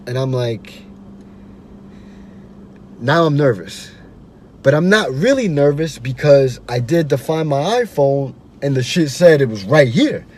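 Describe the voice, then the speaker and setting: A man's voice: medium pitch, lively intonation, measured pace, long pauses, a little mellow, slight background noise. A man hosting a podcast, telling a story in a loose, slangy, profane way. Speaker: podcast host. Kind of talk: casual storytelling.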